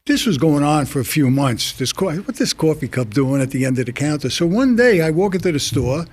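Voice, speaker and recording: Older ex-cop telling rambling stories. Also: male voice, fairly high pitch, expressive, brisk, a little mellow, slightly rough. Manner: rambling anecdotal storytelling, many restarts. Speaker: retired police officer. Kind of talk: panel discussion on community TV. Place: TV studio.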